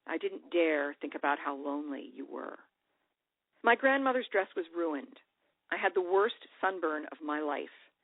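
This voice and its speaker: A woman author reading her own personal essay aloud in a measured, reflective way. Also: low-pitched, animated, dry recording. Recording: dry, tinny radio broadcast audio.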